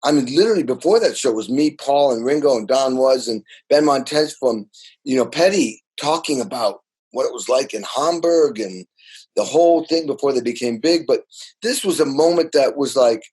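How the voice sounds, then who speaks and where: An older man talks with eager, tumbling energy, circling back and repeating words as he tells his stories. His voice sits at an ordinary middle pitch for a man, and he sounds excited about his life in music. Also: normal speed, slightly rough, poor audio. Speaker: guest drummer. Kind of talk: animated storytelling in casual interview.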